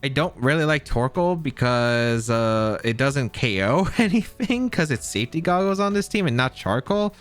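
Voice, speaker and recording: A man's voice: medium pitch, lively intonation, normal speed, few pauses, soft background music. A man giving live commentary on his own competitive match, thinking aloud and second-guessing his plays. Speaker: competitive game player.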